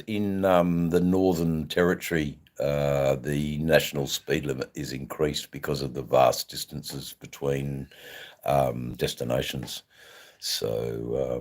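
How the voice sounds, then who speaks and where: An older Australian livestream host rambles casually while reading and replying to chat comments, relaxed and heavy on fillers. His pitch is extremely low with a darkish tone.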